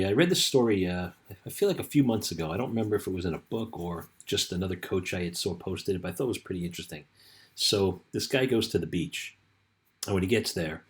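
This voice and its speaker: A middle-aged man with a fairly low voice gives a relaxed, life-coach-style pep talk. He tells a story loosely, peppered with "you know" and "right?" asides, in a casual motivational vein.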